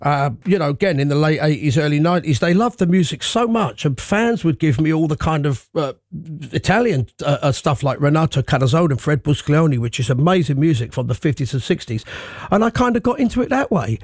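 A man's voice: on the high side, animated, a little fast, no echo, studio quality. A man in his sixties from London with a West London accent, chatting as an interview guest, telling stories with frequent laughs and restarts. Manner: chatty storyteller, laughs often, stumbles and restarts. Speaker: musician guest. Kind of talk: casual interview chat.

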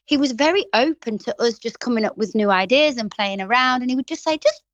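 A woman in her thirties with a Grimsby accent chats quickly and laughs often. She sits a touch high in pitch and sounds close and dry on the mic. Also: lively intonation, no echo, lo-fi sound. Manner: chatty, quick, laughs often, slips into quoted voices. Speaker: actress, interview guest. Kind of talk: casual interview chat.

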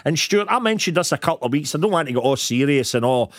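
A man's voice: fairly high pitch, lively intonation, no echo, studio quality. A man with a Scottish accent hosting a casual football chat show, rambling and laughing easily. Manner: chatty, rambling, quick to laugh. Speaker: radio football show host.

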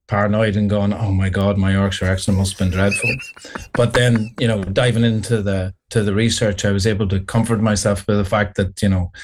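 Northern irish actor guy chatting on the radio, lowish voice, lots of ums. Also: darkish tone. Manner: chatty, many fillers and restarts. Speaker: actor guest. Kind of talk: radio interview chat.

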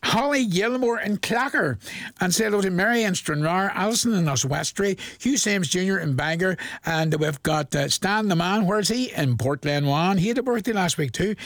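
A man's voice: high-pitched, expressive, normal speed, a bit bright, no room sound. A middle-aged man with a Northern Irish accent presenting a chatty radio request show from a studio, reading out dedications with a jovial, chuckling manner.

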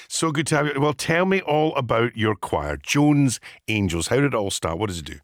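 A man's voice: medium pitch, expressive, moderate pace, dry recording, clean studio sound. A Scottish man presenting an afternoon radio show, chatting and telling little stories between items. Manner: chatty, storytelling with little asides. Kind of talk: casual radio chat.

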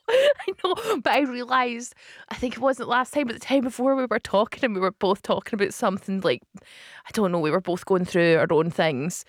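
A woman with a Glaswegian accent co-hosting a casual chat, playful and quick to laugh. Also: medium pitch, fairly even intonation, no room sound, studio quality. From Scotland. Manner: giggly, playful, often breaks into laughter. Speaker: podcast co-host.

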